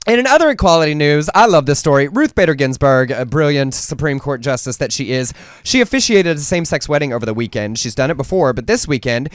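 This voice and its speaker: Male co-host, clear smooth voice in a dry room, sarcastic news chat. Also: fairly high pitch, quick pace, few pauses, dry recording. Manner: animated, sarcastic asides. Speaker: talk show co-host.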